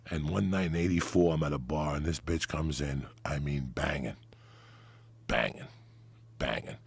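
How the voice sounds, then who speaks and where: A man's voice: very deep voice, unhurried, gravelly, pauses often, slightly rough, dry recording. A middle-aged man, telling a crude story in casual talk and laughing through it. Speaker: comedian guest.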